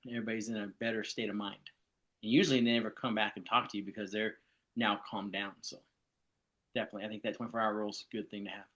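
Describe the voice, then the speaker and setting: A man's voice: fairly low pitch, little pitch movement, rapid-fire, a bit bright, muffled recording. A male coach chatting on a panel in an easygoing, joking way. He circles back and restarts his sentences as he talks. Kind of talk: casual chat.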